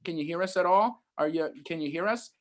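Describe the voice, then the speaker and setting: A man's voice: a little high, a little fast. A man hosting a livestreamed improv show, upbeat and explaining the games with many ums. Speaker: host.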